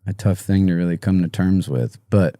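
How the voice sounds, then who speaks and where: A musician guest tells an emotional story in an interview, his deep, soft voice halting with many pauses and restarts as he comes near tears. The recording is studio quality with no echo.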